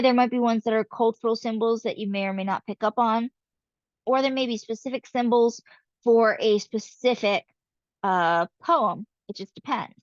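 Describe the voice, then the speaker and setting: A woman giving a casual, explanatory literature lecture, often pausing with fillers. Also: a little high, dry recording, dull audio.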